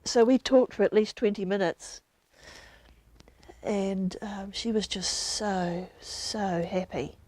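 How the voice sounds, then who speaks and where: A woman with a New Zealand accent, recounting an emotional phone call in an interview with nervous excitement. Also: medium pitch, slow pace, no echo.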